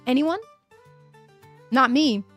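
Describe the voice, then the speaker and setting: Young woman, livestream host, fairly high voice, faint music behind, chatty, slightly worn voice. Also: takes it slowly, fairly bright tone. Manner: chatty, reads chat messages aloud, laughs often. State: voice a bit fried. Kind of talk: casual chat with viewers.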